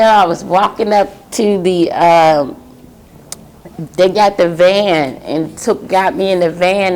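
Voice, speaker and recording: A middle-aged woman giving an emotional personal testimony, halting and pausing often. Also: fairly low pitch, darkish tone. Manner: emotional, halting, with many pauses. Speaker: testimony speaker.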